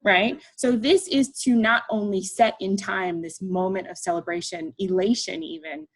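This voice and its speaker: A middle-aged woman artist speaks to a live audience. She tells a personal story with humor and self-deprecation. She keeps it lively, slipping into the voices of the people in it, with a voice in the middle of the usual range. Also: medium pitch, moderate pace, gravelly, breathy edge. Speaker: artist giving a talk.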